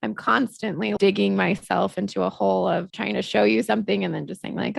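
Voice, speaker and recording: A woman's voice: mid-range voice, fairly even intonation, fairly quick, gravelly, no echo. A woman co-hosting a podcast in casual chat, reflective and hesitant, often hedging what she says. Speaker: podcast co-host.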